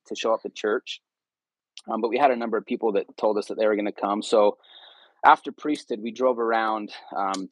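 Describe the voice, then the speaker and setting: Podcast guest, man, low-pitched, chatty and rambling, dry close sound. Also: dry recording, low-quality recording. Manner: rambling, many ums and restarts. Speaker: podcast guest, returned missionary. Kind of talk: casual storytelling interview.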